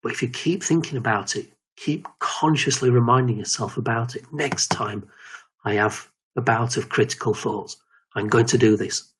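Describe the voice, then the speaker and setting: A man giving a slow, measured self-help talk on quieting the inner critic, often restarting his sentences. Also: mid-range voice, slightly rough. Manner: measured, repetitive, with frequent restarts. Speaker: confidence coach.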